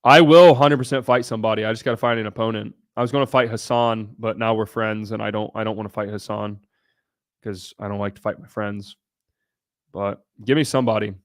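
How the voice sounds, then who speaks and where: A man's voice: fairly low pitch, fairly even intonation, fairly quick. Blunt, profane man streaming live. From United States (Ohio). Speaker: livestream host. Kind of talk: casual livestream Q&A.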